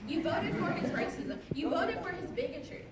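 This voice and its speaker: A woman's voice: very high-pitched, lively intonation, normal speed, heavy background noise. A woman giving an accusatory speech at a rally, repeating her charges. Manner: accusatory, repetitive. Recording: echoey and distant over a loud crowd.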